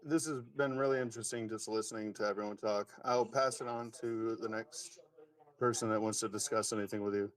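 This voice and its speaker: A man's voice: lowish voice, steady tone, a little fast. A man calling in, talking in an easygoing and polite way. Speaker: caller.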